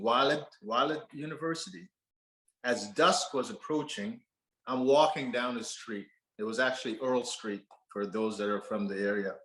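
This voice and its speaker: Guy telling stories on stage, mid-pitched, echoey auditorium. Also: a bit bright. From Canada. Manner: earnest, conversational, laughs between lines. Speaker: speaker. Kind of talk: personal storytelling talk. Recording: roomy auditorium echo.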